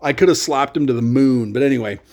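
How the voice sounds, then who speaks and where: A man telling a casual story as a rant on his gear channel, sarcastic and animated. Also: medium pitch, fast talker.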